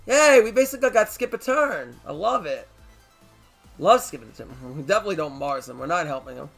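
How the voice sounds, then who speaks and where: A man streaming a card game live, reacting loudly, swearing and shouting at big plays. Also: sits high, brisk, gravelly. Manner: excitable, swears, shouts at wins. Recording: faint music behind.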